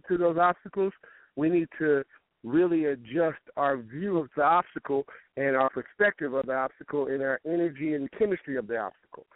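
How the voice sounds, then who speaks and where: A man's voice: fairly high pitch, dry recording. A male fitness coach hosting a casual podcast talk. He rambles, restarts his words and tells stories with quoted back-and-forth. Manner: rambling, repeats words when starting sentences. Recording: tinny phone-line audio, dry.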